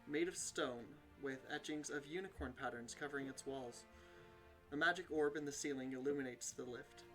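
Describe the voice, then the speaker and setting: A man narrating as game master in a tabletop role-playing game, describing scenes with relaxed fillers. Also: mid-range voice, rough recording.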